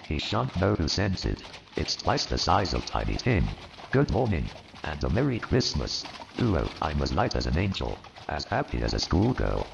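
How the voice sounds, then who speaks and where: A man playing an old miserly man turned joyful and repentant, with a gravelly voice and a theatrical, animated delivery in an audio drama. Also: noisy background, full character voice. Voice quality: gravelly, very deep. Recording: reverberant, dull lo-fi, faint music.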